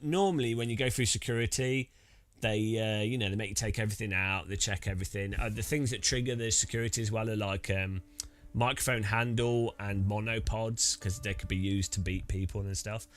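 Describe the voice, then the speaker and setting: A man's voice: on the low side, fairly even intonation, a little fast. A British man chatting casually while setting up racing gear, rambling with many restarts. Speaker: sim racing streamer.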